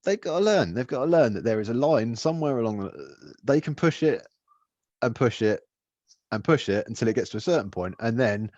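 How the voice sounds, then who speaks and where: A man's voice: mid-range voice, animated, fairly quick, darkish tone, no echo, dull audio. A man, co-hosting a podcast, talking in a laid-back, sweary way and laughing often. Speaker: podcast co-host. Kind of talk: casual chat.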